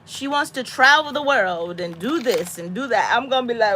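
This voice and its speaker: Animated, bright-voiced mom chatting. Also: female voice, moderate pace, slight background noise. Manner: animated, dramatic, jumps into high squeaky voices when quoting. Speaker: homesteading mom chatting with a friend. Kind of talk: casual chat.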